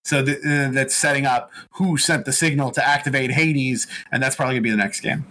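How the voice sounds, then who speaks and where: A man in casual chat, recapping a video game story in a rambling, profane way and dropping into quick put-on voices. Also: medium pitch, fairly even intonation, pushed and bright.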